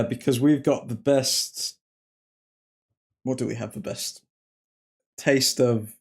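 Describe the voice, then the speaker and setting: A man's voice: medium pitch, a little mellow. A young English man hosting a live football watchalong stream. He jokes with viewers, laughs often and reads chat comments aloud in casual banter. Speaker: livestream host.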